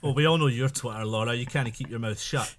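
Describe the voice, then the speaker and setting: A man's voice: mid-range voice, quick pace. A man hosting a casual football podcast, jokey and chatty, laughing often. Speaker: podcast host.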